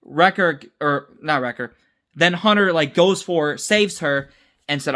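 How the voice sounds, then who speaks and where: A man's voice: on the high side, measured pace, sharp tone. A tired young man giving a casual, unscripted episode review, rambling with restarts and mixing up names.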